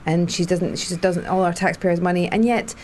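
A woman's voice: fairly low pitch, steady tone, moderate pace, darkish tone, slight background noise. A woman from South Africa, a guest in a casual political chat, talking chattily and laughing easily.

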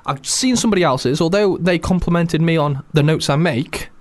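Man, radio co-host, casual banter, self-deprecating, pitched a bit high. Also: moderate pace. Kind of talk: casual chat.

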